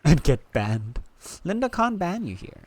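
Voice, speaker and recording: A man's voice: a little high, sing-song, a little slow. A man streaming a game and chatting casually with his audience, playful and teasing, laughing often. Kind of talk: casual live-stream chat.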